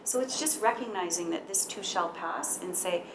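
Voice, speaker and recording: A woman counselor with a mid-range voice speaks calmly to parents. She is measured and advisory, with a little faint noise in the background. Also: medium pitch. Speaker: school counselor. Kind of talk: presenting at a parent talk.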